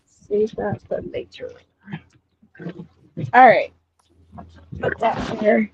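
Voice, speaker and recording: A woman's voice: mid-range voice, steady tone, drawn-out words. Woman livestream host, casual teasing drawl, muffled lo-fi sound, faint hiss. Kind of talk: casual stream chat. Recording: dull lo-fi stream audio.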